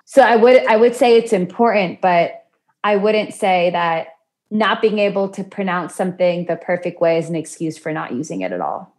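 A woman's voice: on the low side, normal speed, darkish tone. Chatty woman podcast guest. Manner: chatty, laughs often, acts out quoted voices. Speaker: podcast guest, yoga and mantra teacher. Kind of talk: conversational interview.

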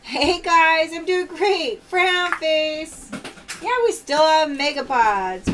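Cheery high-voiced woman selling pearls live. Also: slow pace, background noise. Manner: upbeat, cheery, calls out prizes. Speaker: live-stream pearl seller. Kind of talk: live-stream selling chat.

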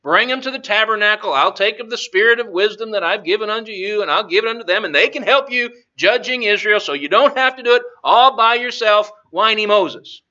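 A man's voice: high voice, expressive, a little fast, hardly any pauses, pushed and bright, full character voice. A man voicing a blunt, teasing male deity who scolds the complainers. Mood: blunt scolding. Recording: dull lo-fi recording.

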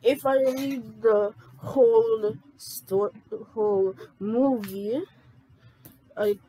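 A woman reading a comedy script aloud, halting and stumbling as she corrects herself. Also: on the high side, steady tone, mellow, slight background noise, poor audio. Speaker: comedy video maker.

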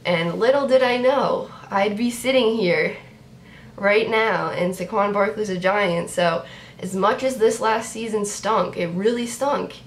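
A young woman reacting to a sports draft on her vlog, chatty and excitable, talking to her viewers. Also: medium pitch, measured pace. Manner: excitable, talks to viewers, repeats herself. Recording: roomy echo, faint background noise.

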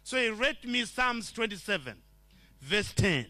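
A man's voice: sits high, very animated, a little slow, sharp tone, no room sound, faint music behind. A man from Zimbabwe giving an earnest testimony sermon in a church, telling his story and acting out the dialogue.

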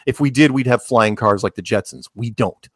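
A man talking casually as a podcast guest, rambling with jokes and animated asides. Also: mid-range voice, normal speed, no echo, studio quality. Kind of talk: casual interview talk.

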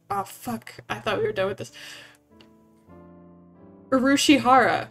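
Brief: bubbly woman streamer, raised pitch, quick giggly reads over soft game music. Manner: giggly, quick, often laughing. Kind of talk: casual let's-play chat, reading game text.

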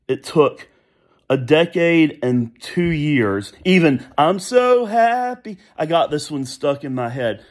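Speaking in a mid-range voice with a slightly mellow quality, a thirtysomething man delivers a rambling, nostalgic vlog monologue of casual opinions, drifting into humming and singing fragments of old songs.

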